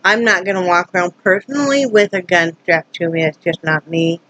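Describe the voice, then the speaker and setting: A woman's voice: fairly low pitch, brisk, fairly bright tone, dry recording, poor audio. A woman from Wyoming telling a story to her camera in a casual, rambling way, acting out both sides of a tense encounter with many restarts. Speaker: vlogger.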